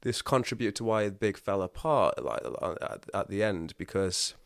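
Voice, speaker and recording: Lowish-voiced man, candid confessions. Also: expressive, normal speed, vocal fry, dry recording, studio quality. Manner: earnest, confessional, frequent restarts. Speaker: podcast guest. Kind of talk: candid personal storytelling.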